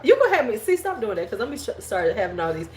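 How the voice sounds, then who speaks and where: A woman's voice: mid-range voice, sing-song, racing, darkish tone. A woman hosting a casual livestream chat at home, rambling and slangy. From United States. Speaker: host.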